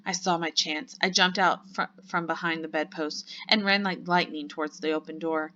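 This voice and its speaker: A woman teacher reading a children's book aloud with lively storybook narration. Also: sits low, moderate pace, hardly any pauses. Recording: muffled lo-fi recording.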